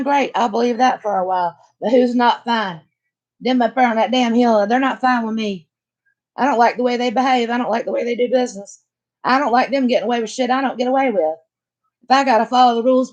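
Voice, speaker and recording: A woman's voice: on the high side, darkish tone. An older woman hosting a casual chat, talking bluntly and emphatically. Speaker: channel host.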